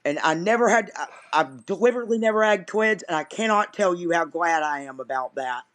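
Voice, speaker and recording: A woman's voice: on the low side, expressive, brisk. A woman guest on a live stream, ranting in an angry, exasperated, vehement way. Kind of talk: impassioned ranting.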